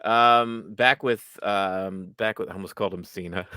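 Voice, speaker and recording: A man with a low, forceful, bright voice talks through a TV episode in casual podcast chat. He rambles with plenty of ums and restarts, often breaking into laughter. The sound is dry and close. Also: a little slow, smooth, no echo. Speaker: podcast co-host.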